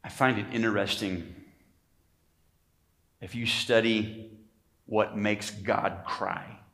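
A man's voice: on the low side, steady tone, slow. A male pastor preaching a sermon emphatically, calling for amens from the congregation. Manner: emphatic preaching, calls for amens, rising to shouts. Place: church sanctuary.

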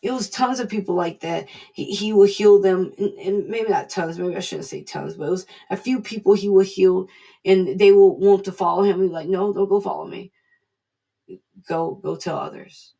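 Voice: medium pitch, normal speed, vocal fry, dark tone, breathy edge. A speaker giving an informal devotional talk, earnest and repeating key phrases for emphasis.

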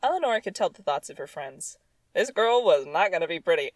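Reading her childhood story for laughs, this woman throws in sarcastic, exasperated commentary. Her fairly low voice swings widely in pitch and moves a little fast, on a low-quality recording with no room sound.

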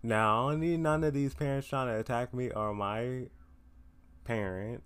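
A man's voice: medium pitch, moderate pace, a bit bright, clean tone. A teenage young man hosting his own podcast, talking casually and tiredly, rambling with lots of fillers and self-deprecating asides. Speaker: podcast host. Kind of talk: casual solo chat.

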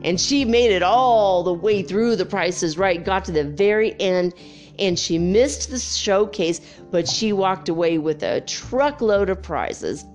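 A woman's voice: medium pitch, expressive, a little slow, a little mellow, faint music behind. A middle-aged woman in casual chat, swearing freely and telling stories with animation. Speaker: spiritual vlogger.

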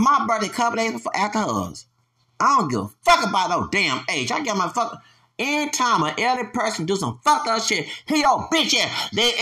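A man in his forties delivering an angry, profane solo podcast rant. He stammers, restarts his sentences and breaks into loud, heated bursts. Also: very high voice. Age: 40s. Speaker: podcast host.

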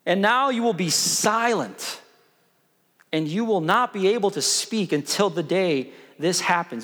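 A commanding angel speaks slowly and with stately weight, as a preacher gives him voice. His raised tone rings out under a long hall reverb. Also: high voice, fairly bright tone. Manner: slow, measured, stately. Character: solemn male angel messenger, commanding.

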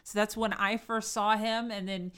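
A woman in casual conversation on her podcast, chatty and emphatic. Her voice sits at an ordinary middle pitch for a woman, and she keeps up a steady stream of agreeing interjections. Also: normal speed, clear, resonant tone. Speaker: podcast host. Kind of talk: casual chat.

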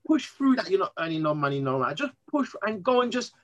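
A man, speaking as a podcast guest, earnest and emotional, telling his story in an animated way. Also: high voice, quick pace, highs cut off. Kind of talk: candid interview conversation.

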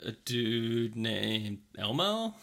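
Slow-talking gravelly man. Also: medium pitch, very animated, fairly bright tone. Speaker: podcast co-host. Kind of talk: casual chat.

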